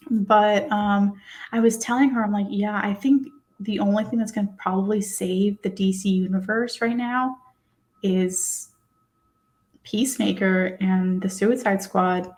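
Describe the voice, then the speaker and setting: A young woman hosting a casual podcast chat, excitable and chatty, often breaking into laughter. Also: mid-range voice, measured pace. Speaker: podcast host.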